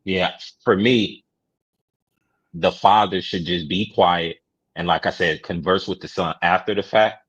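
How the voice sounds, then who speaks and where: A man chatting casually on a podcast, laid-back, teasing and calmly giving his opinions. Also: low voice, a little slow, husky, no echo, highs cut off.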